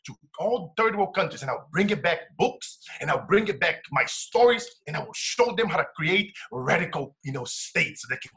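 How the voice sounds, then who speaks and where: Animated man telling his story. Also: a little high, normal speed, hardly any pauses. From Brazil. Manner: animated, shifts between hushed and loud laughing bursts. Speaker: interview guest, coach. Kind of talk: emotional storytelling in conversation.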